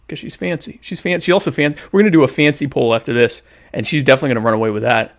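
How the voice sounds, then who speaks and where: A man hosting a casual live stream, with a twang. His voice sits a little high and has a gravelly, fry-laced edge. He jokes his way through chat comments in a mock-indignant tone. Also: fairly even intonation, rapid-fire, hardly any pauses. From United States. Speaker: podcast host.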